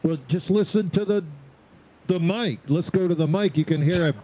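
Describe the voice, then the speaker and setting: A man doing play-by-play commentary for a sim racing broadcast with quick, excited race calls. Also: high voice, rough recording.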